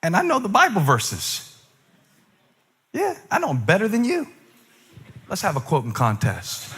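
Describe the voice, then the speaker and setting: Bright-voiced preaching man. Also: high voice, wildly swooping pitch, a little slow, pauses often, slightly rough. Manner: chatty and self-deprecating, building to shouted emphasis. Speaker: pastor. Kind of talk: conversational sermon.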